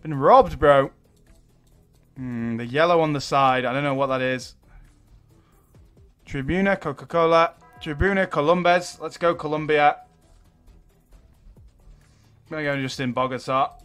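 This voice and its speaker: A young man giving excitable live gameplay commentary as a gaming YouTuber, swearing and exclaiming when things go wrong. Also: fairly high pitch, a little slow, long pauses, clean tone, faint music behind.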